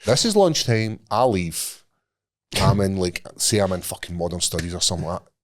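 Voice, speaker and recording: Co-hosting a podcast, a Scottish man with a low-sitting voice spins a laughing, swear-filled story at a moderate pace. He's animated throughout and imitates the voices of everyone involved.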